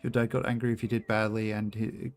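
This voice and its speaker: Young aussie streamer bloke, jokey and sweary, faint music behind. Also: male voice, on the low side, level tone, brisk, a little mellow. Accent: Australian. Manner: loose and joking, swears freely, laughs often. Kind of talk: casual gameplay commentary, chatting with viewers.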